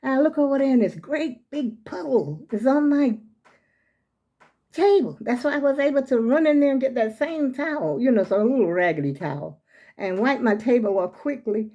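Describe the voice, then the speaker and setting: Chatty older woman, mellow voice. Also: sits high, lively intonation, moderate pace, muffled recording. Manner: chatty, rambling, talks straight to viewers as "y'all". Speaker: vlogger. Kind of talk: casual phone vlog. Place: small room at home. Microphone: phone.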